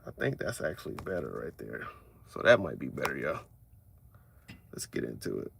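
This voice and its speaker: A man's voice: rumbling low, normal speed, gravelly, a little hiss or hum. A man hosting a live show, chatting casually and repeating himself as he talks to his viewers. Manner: animated, repetitive, talks to viewers. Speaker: host.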